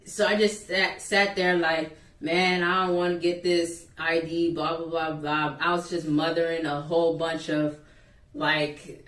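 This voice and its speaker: A young woman casually telling a school story to the camera, animated and chatty, acting out the people in it. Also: low voice, unhurried, distant mic. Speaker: vlogger. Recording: echoey room, a bit off-mic.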